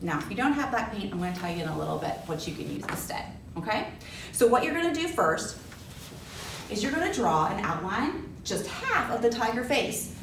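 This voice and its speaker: A woman presenting a children's library program, animated and gasping with exaggerated delight. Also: medium pitch, fairly quick. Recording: roomy echo, distant mic, faint hiss.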